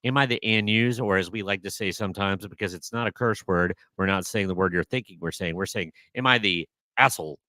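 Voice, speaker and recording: Deep-voiced, forceful joking man. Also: no echo. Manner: jokey, quick to laugh. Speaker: podcast co-host, former teacher. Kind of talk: casual chat. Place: live podcast recording.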